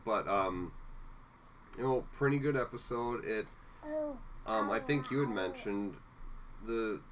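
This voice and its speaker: A woman co-hosting a podcast, chatting casually and recapping episodes with lively asides. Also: rumbling low, slow, crowd noise. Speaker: podcast co-host. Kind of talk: casual chat.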